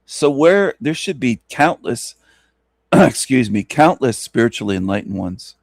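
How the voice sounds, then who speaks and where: A man's voice: mid-range voice, big pitch swings, measured pace, creaky, no room sound, studio quality. A man hosting an online radio show, ranting scornfully at his listeners with mocking laughs and rhetorical questions. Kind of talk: scornful solo rant.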